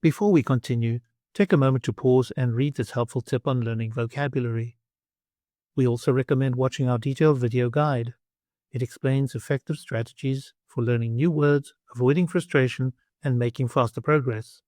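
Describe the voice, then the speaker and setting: Guy teaching a language lesson, slow and clear, mid-pitch voice, dry close mic. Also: fairly even intonation, a little mellow, dry recording. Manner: slow, clear, instructive delivery. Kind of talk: scripted lesson narration.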